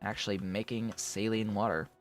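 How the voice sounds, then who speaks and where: A man's voice: lowish voice, flat delivery, normal speed, faint music behind. A man casually thinking aloud as he streams a factory-building game, with playful asides. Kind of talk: casual gameplay commentary.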